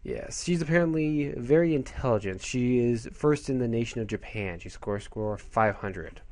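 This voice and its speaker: A man's voice: medium pitch, expressive, normal speed, darkish tone. Rambling man reviewing a comic. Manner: rambling, self-correcting, offhand asides. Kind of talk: casual chat.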